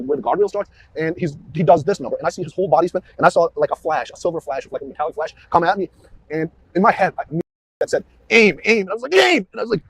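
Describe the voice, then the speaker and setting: A shaken male police officer giving a recorded interview outdoors at a roadside, talking fast and rambling with many restarts. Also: on the high side, a little mellow, breathy edge, low-quality recording. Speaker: police officer questioned by investigators. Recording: archive interview footage.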